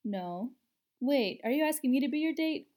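A woman doing a brisk, teasing schoolgirl witch. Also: mid-range voice, mellow, lightly acted. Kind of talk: story reading.

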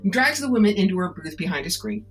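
A woman author and psychic tarot reader in an interview, telling stories in an animated, emphatic and persuasive way. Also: medium pitch, quick pace, soft background music. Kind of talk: interview conversation.

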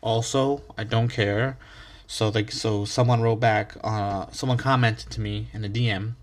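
His voice is lowish and fairly even in intonation, and he doesn't hurry. Caffeinated and relaxed, the man rambles solo on his own podcast, often restarting words and swearing without a second thought.

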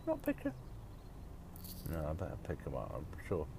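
A man's voice: a bass voice, wildly swooping pitch, moderate pace. A man grumbling and swearing to himself while driving in traffic, with wry asides. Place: inside a car in traffic. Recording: road and engine noise in car.

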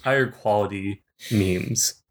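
A man's voice: fairly low pitch, takes it slowly. A young man chatting casually with friends, joking and laughing a lot. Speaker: friend in group chat. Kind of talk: casual chat.

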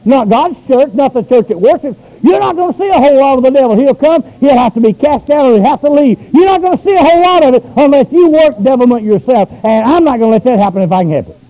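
A pastor preaching a sermon, swinging between loud shouted runs and quiet low asides. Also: male voice, lively intonation, quick pace, few pauses, low-quality recording.

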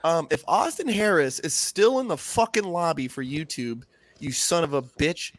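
A man's voice: on the high side, animated, moderate pace, a bit bright, dry recording. Profane, emotional male podcast co-host. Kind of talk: casual podcast chat.

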